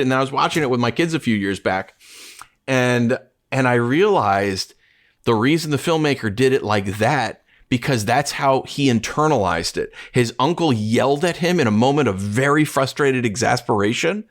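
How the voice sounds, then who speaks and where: Animated middle-aged male co-host. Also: medium pitch, moderate pace. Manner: animated storytelling with restarts. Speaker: podcast co-host. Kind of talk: casual discussion.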